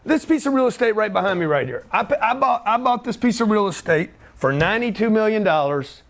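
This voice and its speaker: Brief: middle-aged host, high-pitched, brash, joking, slangy. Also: male voice, lively intonation, a little fast. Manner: loud, joking, pushy, slangy. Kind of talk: energetic office talk to camera.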